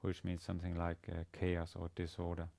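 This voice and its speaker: A man lecturing on a language lesson, speaking haltingly with many fillers and restarts. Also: sits low, completely flat delivery, vocal fry, mellow. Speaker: university lecturer.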